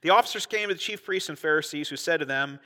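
An earnest male pastor preaches in a conversational way, often circling back and repeating himself. His voice sits fairly high and sounds bright and sharp. Long reverb trails after him through a large church hall. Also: fast talker. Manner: earnest, conversational, frequent restarts and repetitions. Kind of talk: sermon.

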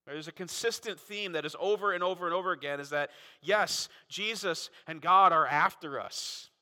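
A man preaching a sermon as pastor, animated and full of rhetorical questions. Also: high-pitched, normal speed. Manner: animated, frequent rhetorical "right?" asides. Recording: long reverb of a large hall.

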